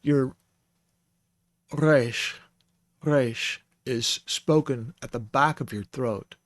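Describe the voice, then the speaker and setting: Slow, patient man teaching letters. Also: mid-range voice, dry recording, studio quality. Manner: slow and patient, spells out sounds, small self-corrections. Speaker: Bible Hebrew teacher. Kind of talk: informal teaching. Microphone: close microphone.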